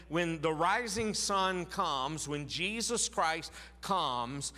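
A man's voice: mid-range voice, pushed and bright, long reverb tail. A man preaching a sermon as pastor, in a conversational way with fillers, often putting questions to the congregation.

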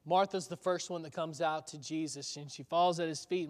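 Male preacher, conversational sermon, rhetorical questions, slightly high voice, long hall reverb. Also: fairly even intonation, moderate pace, few pauses, darkish tone.

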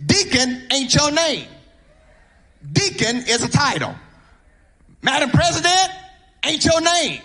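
A man with a Mississippi accent preaching a sermon in a church, with rhythmic whooping, shouted lines and sing-song cadences. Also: very high-pitched. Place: church sanctuary.

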